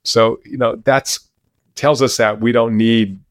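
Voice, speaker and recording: A man as an interview guest, talking over a video call, lively and animated as he tells stories from his research. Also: mid-range voice, slow pace, dry recording, studio quality. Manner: animated storyteller, lively when telling anecdotes. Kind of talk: interview conversation. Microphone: remote video call.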